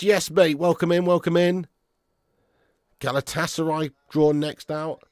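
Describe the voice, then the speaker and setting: A man's voice: fairly high pitch, moderate pace, no room sound, clean studio sound. A young man hosting a football fan live stream, reading viewer comments in casual banter. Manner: casual, banter, laughs often, calls viewers lad and mate. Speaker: football fan channel host.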